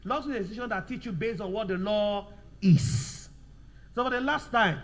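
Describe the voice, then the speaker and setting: A man's voice: sits high, animated, pushed and bright. A male law lecturer, giving a revision class, repeating points and quizzing students with fill-in questions. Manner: slows down to dictate notes.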